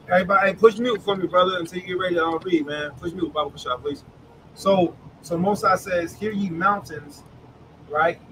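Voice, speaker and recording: A man leads a Bible study over a video call, reading verses slowly and then asking the group what they think. His voice sits high and lively. Faint background noise can be heard behind him. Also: low-quality recording. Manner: animated, calls on listeners by name, reads scripture slowly. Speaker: preacher. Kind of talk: online Bible study sermon.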